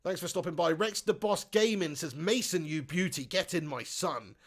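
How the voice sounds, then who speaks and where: A man hosting a live football watch-along, reading out chat comments and shouting at the big chances. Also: fairly high pitch, normal speed.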